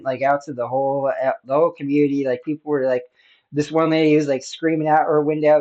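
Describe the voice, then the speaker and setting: A man's voice: mid-range voice, level tone, fairly quick, a little mellow, dull audio. A man hosting a podcast, telling a story casually in a rambling way, full of fillers and laughs. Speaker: podcast host.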